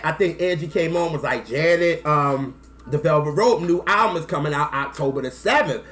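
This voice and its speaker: Man, thirties, casual storytelling to camera, slangy, lively, emotional. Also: fairly high pitch. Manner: animated, acts out quotes, slangy. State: emotional, close to tears. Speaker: music vlogger.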